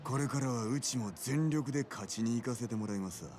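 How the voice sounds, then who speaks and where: A man's voice: medium pitch, rapid-fire, lightly acted. An actor voicing a proud male business rival in a game, speaking bluntly with a Kansai Japanese accent. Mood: challenging. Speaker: game character. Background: game music.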